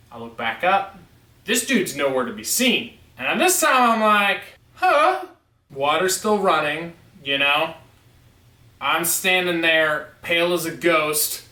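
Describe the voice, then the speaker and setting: Bright-voiced man telling a story in an echoey room. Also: fairly high pitch, distant mic. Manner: emphatic, insistent storytelling. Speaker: vlogger. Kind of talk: storytelling vlog. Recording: echoey room, away from mic.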